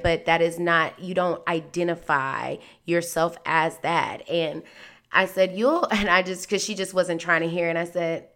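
A woman in her thirties hosting a podcast, talking candidly and earnestly about faith and lessons learned, full of "like" and "um". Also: fairly low pitch. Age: 30s. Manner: candid and conversational, many fillers like "like" and "um"; earnest, faith-centered encouragement. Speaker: podcast host. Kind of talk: reflective personal podcast monologue.

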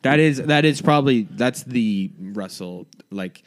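A man co-hosting a podcast in casual chat, joking and quick with trivia. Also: medium pitch, animated. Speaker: podcast co-host.

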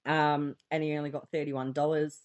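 A podcast co-host with a low voice and flat delivery, speaking at normal speed, casually recaps a horror movie. Her storytelling is laid-back and jokey, guided by notes and punctuated by frequent laughter.

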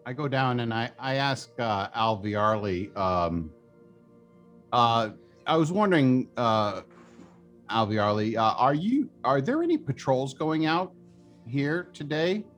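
A man playing a tabletop game, describing what his character does in a halting way full of fillers. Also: medium pitch, lively intonation, fairly bright tone, soft background music. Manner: halting, filler-heavy phrasing. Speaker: player. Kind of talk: tabletop role-play.

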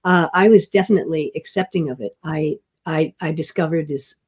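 Husky older woman, halting storyteller. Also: low-pitched, a little mellow. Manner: hesitant, halting restarts, chuckling. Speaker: guest, veteran actress. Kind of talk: interview storytelling.

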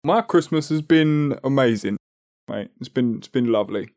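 A young London man chats easily on a podcast, slangy and relaxed, often stumbling over and repeating his words. His voice has an ordinary middle pitch. The recording is dry and close. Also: normal speed, dry recording. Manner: laid-back, slangy, repeats himself. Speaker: podcast co-host. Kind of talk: casual chat.

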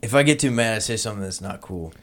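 A young man in crude comedic banter, hesitant at first, then tossing out deadpan shock insults. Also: on the low side, fast.

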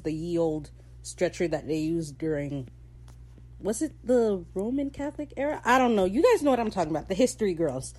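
Female podcast host, casual recap chat; animated, slangy delivery with a lowish voice. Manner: animated, slangy, bursts into laughter.

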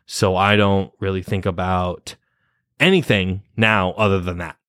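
Young adult male vlogger, rambling and profane, low-pitched, dry recording. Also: steady tone, unhurried, fairly bright tone, smooth, no room sound. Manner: rambling, heavy cursing, nervous laughs. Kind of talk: casual personal story.

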